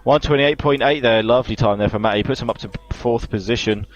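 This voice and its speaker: A man calmly calling a sim racing qualifying session, with dry humour. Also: medium pitch, quick pace. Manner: laid-back, dry humour. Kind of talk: live esports race commentary. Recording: slightly dull lo-fi mic.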